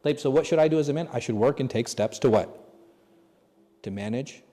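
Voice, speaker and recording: A man gives a relaxed religious lesson in a large mosque hall. His tone is mellow and warm. He keeps asking his listeners questions, and the reverb trails on after each phrase. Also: mid-range voice, brisk. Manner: asks the audience rhetorical questions. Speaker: imam teaching a class.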